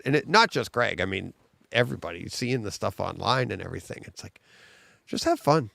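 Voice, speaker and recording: Gravelly-voiced man co-hosting a chat show. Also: on the low side, brisk, no echo. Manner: laughs often, animated when excited. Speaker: podcast co-host. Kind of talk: casual chat.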